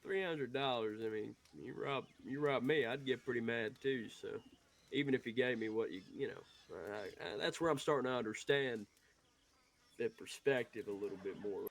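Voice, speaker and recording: A man's voice: mid-range voice, moderate pace, natural voice. A man voicing a hot-headed young Western outlaw who rambles, swears and talks in heated bursts. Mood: grumbling. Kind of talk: Western role-play.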